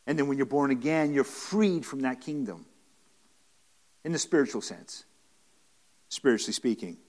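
A man's voice: mid-range voice, expressive, moderate pace, darkish tone. A man preaching a conversational Bible-study sermon to a room of listeners, earnest and emphatic, often restarting and repeating phrases. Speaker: pastor teaching a Bible study.

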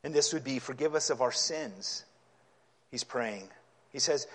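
A man preaching a sermon, reading scripture aloud and explaining it, his delivery growing impassioned until he is nearly yelling. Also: medium pitch, moderate pace, long pauses. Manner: impassioned, rising to yelling at times.

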